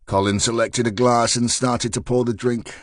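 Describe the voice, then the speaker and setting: A man's voice: mid-range voice, level tone, moderate pace, no room sound, clean studio sound. Man reading an audiobook mystery. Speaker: audiobook narrator. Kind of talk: scripted narration.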